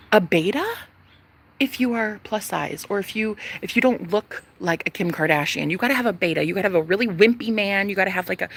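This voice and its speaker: Thirties woman venting on her vlog, swears a lot, goes loud then hushed, bright gravelly voice. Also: mid-range voice. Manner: animated, swings from loud to whispered, profane. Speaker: vlogger. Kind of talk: casual rant to camera.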